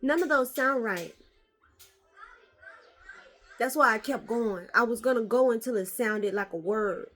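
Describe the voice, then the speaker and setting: A woman vlogger chatting casually as she opens card packs, animated and swearing freely. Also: fairly high pitch, measured pace, pauses often, soft background music. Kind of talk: casual chat.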